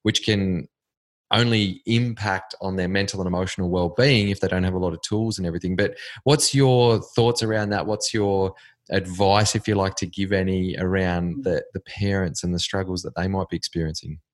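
A man hosting an interview, asking questions and reflecting on the answers in a measured way. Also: sits low, fairly even intonation. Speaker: host. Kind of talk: conversational interview.

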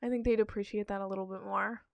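A woman's voice: medium pitch, steady tone, fast, creaky, no echo, dull audio. A woman giving casual, blunt reaction commentary on advice-forum stories, emphatic and profane.

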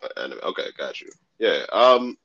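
A man chatting as a guest on a casual podcast, relaxed and easygoing, laughing often. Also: sits low, moderate pace, vocal fry, breathy edge, no echo, dull audio.

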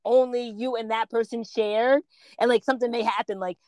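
A woman co-hosting a podcast in casual chat, telling stories with lively self-quotes. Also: a little high, normal speed, no room sound. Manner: animated storytelling, quotes herself and others. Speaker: podcast co-host.

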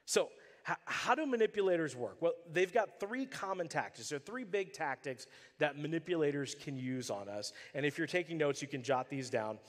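A man's voice: fairly high pitch, normal speed, big-room sound. A male pastor preaching a sermon, telling stories with animation and acting out the characters' voices. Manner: animated storytelling, acts out voices.

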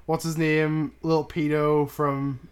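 A man's voice: fairly high pitch, little pitch movement, slow, smooth. A man co-hosting a podcast, recapping a movie in casual, profane chat and tagging lines with "right?". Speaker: podcast co-host. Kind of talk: casual film-review chat.

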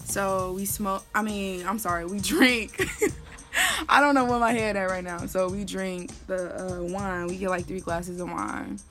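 A woman in her early twenties tells a story in a loose, slangy way. She breaks into laughs and loud shouts when she acts out what she said. Faint music plays underneath her voice. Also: medium pitch, fairly even intonation, measured pace. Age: 20s. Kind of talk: casual storytime.

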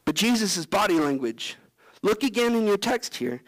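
A male pastor delivers a sermon with earnest conviction. He slips into the voices of the people he quotes, praying aloud and acting out their words. His voice sits fairly high for a man. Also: very animated, moderate pace, low-quality recording. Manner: earnest preaching, acting out quoted prayers and Bible figures.

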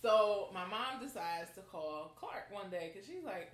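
A woman co-hosting a podcast, telling stories in a dramatic, expressive, casual way. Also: medium pitch, measured pace. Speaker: podcast co-host. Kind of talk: casual storytelling chat. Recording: echoey room, faint noise.

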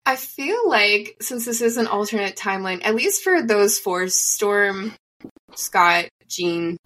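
A woman's voice: mid-range voice, expressive, slow, fairly bright tone. A woman co-hosting a podcast, chatting casually and giggly about a movie, peppering her talk with like. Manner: giggly, casual, says like a lot. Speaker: podcast co-host. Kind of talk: casual chat.

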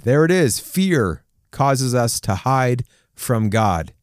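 A man's voice: medium pitch, slow pace, clean tone, no room sound, clean studio sound. A young man preaching a casual sermon, acting out the scripture figures and laughing now and then. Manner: animated, acts out scripture figures, chuckles.

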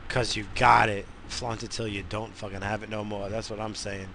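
A man's voice: on the low side, little pitch movement, normal speed, creaky, pushed and bright, a little hiss or hum. A man from the United States hosting a show, ranting in a profane, rambling, fired-up way from inside a car. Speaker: radio show host. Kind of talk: profane casual rant.

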